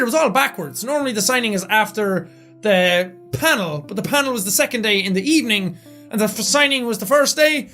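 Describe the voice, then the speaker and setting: A young man with a raspy, strained voice, excitedly recapping events in a casual vlog. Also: sits high, brisk, faint music behind. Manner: loud, excitable talker. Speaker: YouTuber.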